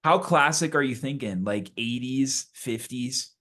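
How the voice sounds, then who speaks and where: A man's voice: mid-range voice, a little slow, fairly bright tone. A young man chatting casually, laid-back and easygoing, with slangy speech. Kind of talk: casual chat.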